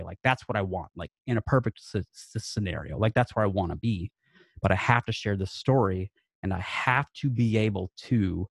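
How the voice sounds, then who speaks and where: A podcast guest in his late thirties, with a lowish, darkish voice and no echo, tells a personal story earnestly, rambling and restarting often.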